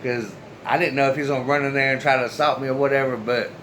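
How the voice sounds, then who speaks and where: A man's voice: medium pitch, steady tone, racing, a bit bright, slight background noise, rough recording. A man casually telling a personal story straight to his viewers, loose and chatty, with the odd swear word. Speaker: storyteller, channel host.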